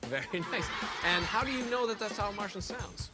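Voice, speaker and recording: Game show host, male, somewhat high voice, teasing and jokey, loud show music underneath. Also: brisk. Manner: playful, teasing with deadpan jokes. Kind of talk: quick interviews with contestants on a TV game show.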